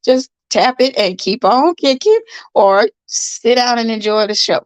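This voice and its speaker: A woman's voice: on the high side, measured pace, no room sound, rough recording. Chatty tired woman livestreaming from bed. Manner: chatty, repeats phrases, greets commenters by name. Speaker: livestream host. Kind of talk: casual livestream chat with viewers. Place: in bed at home.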